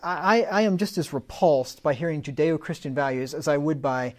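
A man's voice: fairly high pitch, a little fast, darkish tone. A man preaching a sermon in an emphatic, conversational way, often restarting his sentences.

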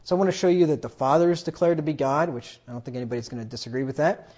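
A man preaching a sermon in a somewhat high voice. He gets emphatic and rises in volume whenever he reads scripture aloud. The recording sounds dull and lo-fi. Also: very fast. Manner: emphatic, rises loudly when quoting scripture.

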